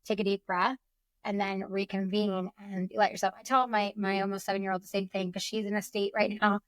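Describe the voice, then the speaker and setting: A woman's voice: mid-range voice, little pitch movement, a little fast, a bit bright, no room sound. A woman in her thirties, a breathwork coach as a podcast guest, talking in a casual, chatty way full of "you know" and "like". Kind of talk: casual conversational interview.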